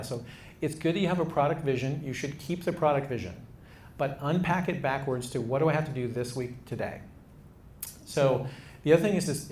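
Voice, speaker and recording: A man's voice: medium pitch, a little mellow, a little hiss or hum. Casual-talking male startup mentor. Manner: casual, conversational, frequent restarts. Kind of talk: talk to startup founders. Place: room with a live audience.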